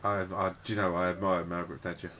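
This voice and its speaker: Low-voiced man bantering. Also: level tone, fast talker, bright, forceful tone, slight background noise. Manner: rambling, jokey, puts on silly voices. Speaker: podcast co-host. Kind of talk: casual banter.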